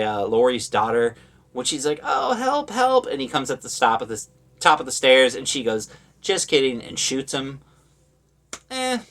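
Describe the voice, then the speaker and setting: A man's voice: mid-range voice, fairly bright tone. Male horror vlogger, mid-range voice, casual rambling commentary, sarcastic. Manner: rambling, with many fillers and sarcastic asides.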